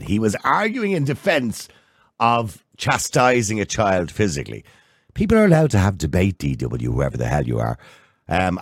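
A man in his sixties with an Irish accent hosting a radio phone-in, blunt and opinionated and quick to jump in. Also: sits low, no room sound, clean studio sound. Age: 60s. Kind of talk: casual radio phone-in chat.

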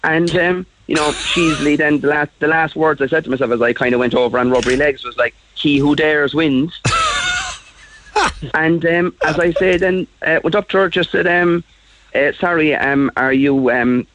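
A man, telling a personal story as a radio guest in a halting way, with many fillers and restarts. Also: fairly high pitch, noisy background. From Ireland. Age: 40s. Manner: halting, full of fillers and restarts, laughs often. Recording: slightly muffled radio audio.

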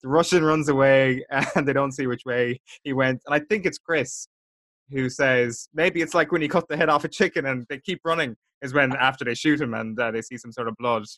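A man's voice: medium pitch, brisk, fairly bright tone, dry recording. A man hosting a casual podcast, recapping a TV episode scene by scene and quoting the characters. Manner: chatty, recounts scenes, quotes characters.

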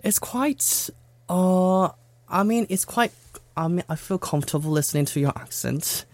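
A man's voice: sits high, lively intonation, moderate pace, no room sound. A young man from South Korea whose first language is Korean, chatting as an interview guest with lots of fillers and frequent laughter. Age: young adult. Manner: chatty, laughs often, many fillers like "like" and "you know". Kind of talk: casual interview chat.

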